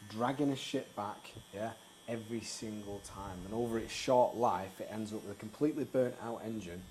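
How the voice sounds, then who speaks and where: A man's voice: lowish voice, moderate pace, darkish tone, slight background noise, rough recording. A man hosting an interview, telling stories in a reflective way. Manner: reflective, storytelling. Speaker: podcast host. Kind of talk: casual interview chat.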